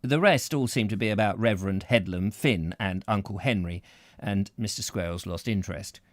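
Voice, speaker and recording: A man's voice: fairly low pitch, normal speed, no room sound, studio quality. A man hosting a live reading of a novel, narrating expressively with occasional slips and restarts. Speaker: book reader, host.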